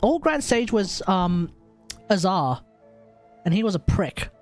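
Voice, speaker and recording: A man's voice: sits high, big pitch swings, slow, soft background music. An Australian man streaming a game, chatting and joking in a casual, rambling way. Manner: chatty, joking, restarts often. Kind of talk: casual gameplay commentary.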